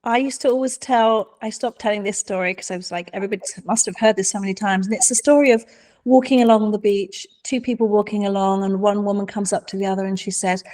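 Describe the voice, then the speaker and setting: A middle-aged woman telling stories in a conversation, animated and acting out the voices of the people in them. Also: medium pitch, quick pace. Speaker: guest, mentor. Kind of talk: conversational storytelling.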